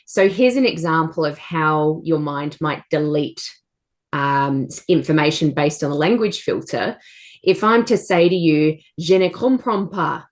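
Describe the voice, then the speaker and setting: A woman's voice: sits low, animated, unhurried. A woman coach in a casual chat, enthusiastic and encouraging, giving everyday examples. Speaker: co-host and coach.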